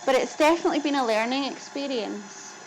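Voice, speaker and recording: A woman's voice: high voice, brisk, a little hiss or hum. A woman with a Glasgow-area Scottish accent, chatting casually while cooking and reading comments, laughing often at herself. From Scotland. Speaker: live cooking streamer.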